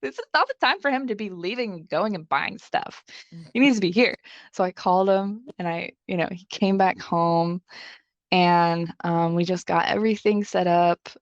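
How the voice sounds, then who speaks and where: A young woman co-host tells a personal story in a loose, rambling way, filling her sentences with "like". Her voice sits a little low for a woman. The recording is dull and lo-fi, with a dry, close sound. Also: moderate pace, no echo. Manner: chatty, leans heavily on filler "like". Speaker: podcast co-host.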